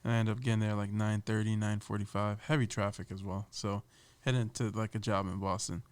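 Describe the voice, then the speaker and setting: Guy on a podcast telling a story, smooth resonant voice, animated and chatty. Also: on the low side, brisk. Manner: lively, animated, slips into voices of people he quotes. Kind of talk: casual storytelling chat.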